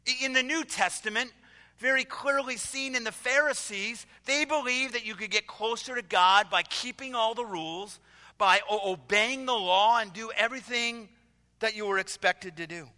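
Brief: male pastor, sermon storytelling, bright tone, long hall reverb. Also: very high-pitched. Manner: storytelling, with acted voices and dramatic pauses.

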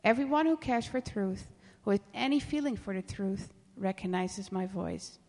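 A woman voicing a calm, steady man on trial in a scripture reading, speaking in a measured way. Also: mid-range voice, big-room sound, natural voice.

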